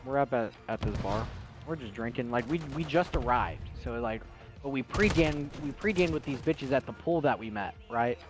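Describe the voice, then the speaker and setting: A man's voice: mid-range voice, lively intonation, moderate pace, music in the background. A young man from Texas, a streamer, telling rambling, profane stories in casual chat and laughing often.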